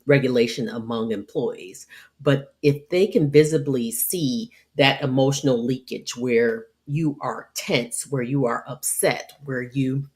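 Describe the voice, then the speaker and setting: A middle-aged woman with a low, steady voice talks through advice for leaders at a measured pace. She acts out small everyday scenes to make her points. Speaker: podcast host and leadership speaker. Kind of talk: scripted advice talk.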